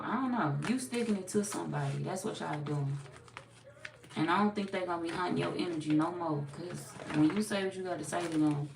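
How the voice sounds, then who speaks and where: A woman giving a casual live tarot reading. She talks bluntly and profanely, chats with her viewers, and is slightly hoarse from losing her voice. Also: deep voice. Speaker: tarot reader. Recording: echoey room, distant mic, background noise.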